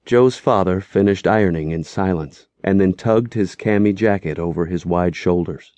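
A man narrating an audiobook in a steady, measured storytelling voice. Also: low-pitched, no room sound.

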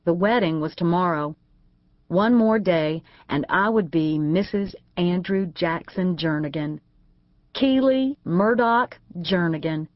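A woman narrating a first-person audiobook in a lively, wry storytelling manner. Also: fairly low pitch, measured pace, no room sound, muffled recording.

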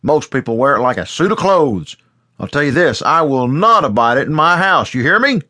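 A man's voice: medium pitch, animated, normal speed, fairly bright tone, pitched above the performer's own voice. A man voicing a stern, strict rural father who scolds his son in plain country grammar. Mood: angry scolding.

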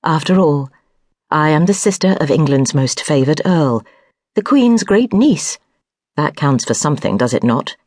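A proud noblewoman gives orders crisply and a little sharply, as a woman reading an audiobook puts her on. The voice is husky, and the recording is close and dry. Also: sits low, lively intonation, no echo. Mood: commanding. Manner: brisk and imperious, sharp-tongued. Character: proud, commanding noblewoman, sister of an earl.

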